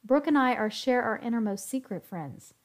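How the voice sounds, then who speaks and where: A woman narrator plays a domineering young woman in a read-aloud story. She sounds mocking and in command, pitched above the narration. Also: animated, moderate pace. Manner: commanding, sarcastic.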